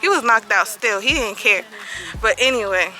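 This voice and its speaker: Bright-voiced young woman telling a story. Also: medium pitch, normal speed, faint music behind, rough recording. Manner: animated, dramatic retelling that acts out quoted voices. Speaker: vlogger. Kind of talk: casual storytime vlog.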